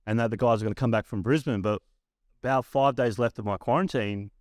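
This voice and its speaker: A man's voice: mid-range voice, quick pace, no room sound, studio quality. A man in his thirties with an Australian accent, a podcast guest telling a long story casually, swearing freely and padding his lines with fillers. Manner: laid-back, heavy swearing, lots of "like" fillers. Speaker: podcast guest, former pro basketballer.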